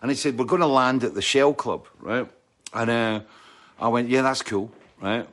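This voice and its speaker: A man's voice: medium pitch, normal speed, fairly bright tone. A man with a Scottish accent telling a rambling anecdote, often checking in with "right?" and mimicking sounds with his mouth.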